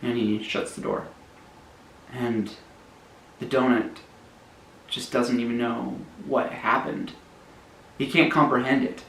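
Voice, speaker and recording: A man telling a long, absurd joke story in a deadpan, mock-tragic way, sometimes trailing off quietly. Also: mid-range voice, slow, gravelly, long pauses, reverberant, slight background noise, rough recording. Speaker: comedy storyteller.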